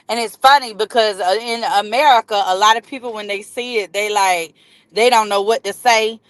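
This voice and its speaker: A woman's voice: medium pitch, a bit bright, clear, resonant tone, dry recording. A middle-aged woman, hosting a casual livestream, chatting and greeting viewers by name. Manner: chatty, reads and greets viewer comments aloud. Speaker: livestream host.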